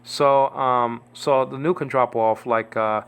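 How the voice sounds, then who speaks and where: A man's voice: medium pitch, fairly even intonation, slow, a bit bright, clear, resonant tone. A man giving an informal Bible Greek lesson, rambling and often checking in with "okay?" and "you understand?". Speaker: Greek language teacher.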